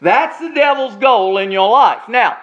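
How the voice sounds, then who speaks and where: Guy preaching a sermon, drawn-out emphatic lines, kinda muffled recording. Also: high-pitched, lively intonation. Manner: preaching with slow, drawn-out emphasis on key words. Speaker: pastor.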